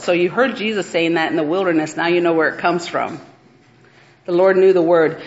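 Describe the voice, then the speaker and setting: A woman preaching to a group of women, earnest and animated, acting out stories and laughing now and then. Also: lowish voice, brisk, muffled recording. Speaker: women's ministry speaker. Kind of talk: sermon.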